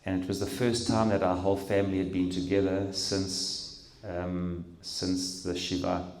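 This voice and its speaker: A middle-aged man giving an emotional personal testimony at a talk, speaking haltingly with pauses and restarts. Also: low-pitched, flat delivery, darkish tone. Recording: roomy hall echo.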